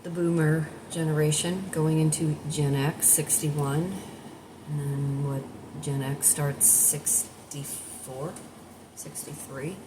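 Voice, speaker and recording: A woman's voice: deep voice, level tone, slow, noisy background. A woman in her sixties chatting casually to her viewers at home in a rambling, direct way. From United States. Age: 60s. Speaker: vlogger and life coach. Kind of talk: casual morning chat to camera.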